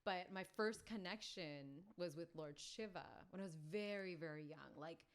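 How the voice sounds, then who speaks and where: A woman podcast guest telling a personal story, animated and full of "like" fillers. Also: on the low side, normal speed. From family from India.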